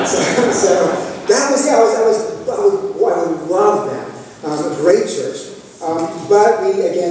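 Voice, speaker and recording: Man, pastor, folksy sermon storytelling, mellow tone, booming echoey hall. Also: slight background noise. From South Texas. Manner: folksy, self-deprecating humor with many fillers. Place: church sanctuary. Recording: echoey hall, distant mic.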